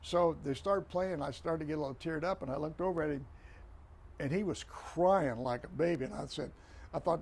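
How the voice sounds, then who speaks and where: Older man, interview guest, fast, gravelly, slightly high, animated storyteller. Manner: animated, repeats phrases, acts out quoted dialogue. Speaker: guest, retired football referee.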